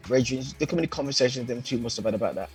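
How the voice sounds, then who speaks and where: A man co-hosting a casual football podcast, talking in animated, slangy, opinionated bursts. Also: mid-range voice, very fast, loud music behind the voice, poor audio. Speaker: podcast co-host.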